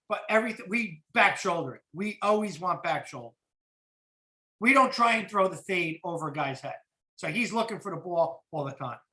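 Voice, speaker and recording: A middle-aged football coach with a New Jersey accent, breaking down plays in a clinic talk, animated and blunt, swearing casually. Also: male voice, high voice, reverberant, low-quality recording. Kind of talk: clinic talk over game film.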